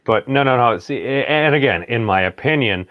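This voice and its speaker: A man's voice: mid-range voice, lively intonation, normal speed, phone-quality sound. A man co-hosting a casual chat, rambling and hedging with lots of filler words. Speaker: podcast co-host.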